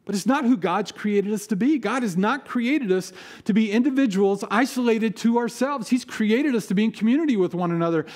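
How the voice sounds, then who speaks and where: A man preaches from the pulpit. His voice sits fairly high, and he tells scripture stories with lively energy, slipping into the voices of the figures he describes. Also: fairly quick, hardly any pauses. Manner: animated storytelling, acts out biblical figures with rising energy. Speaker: pastor. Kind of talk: sermon.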